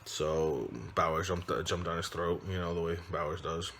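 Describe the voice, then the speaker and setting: A man, a father, casually recapping a film, loose and rambling, with frequent pauses and restarts. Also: low voice, flat delivery, a bit bright, a little hiss or hum. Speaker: movie reviewer. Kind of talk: casual spoken movie recap.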